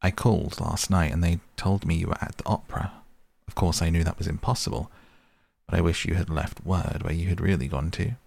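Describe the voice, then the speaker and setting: A man's voice: sits low, steady tone, a little fast, creaky, darkish tone, dry recording. A man reading the part of an earnest, grieving male painter in a sleep story, speaking in a pleading, reproachful way. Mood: pained, reproachful.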